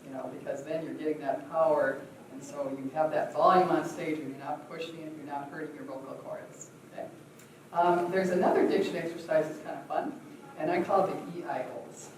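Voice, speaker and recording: A woman's voice: deep voice, steady tone, brisk, darkish tone. A woman teaches an acting workshop in a big echoey room, recorded from some distance with faint noise behind her. She demonstrates the vocal exercises herself and laughs often between explanations. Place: large echoey theatre room.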